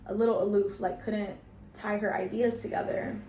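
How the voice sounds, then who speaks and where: A young woman vlogs from her bedroom, chatting and telling stories full of slang like "y'all" and "you feel me." Her medium-pitched voice is mellow, at normal speed with little pitch movement, recorded in an echoey room with a bit of hiss or hum.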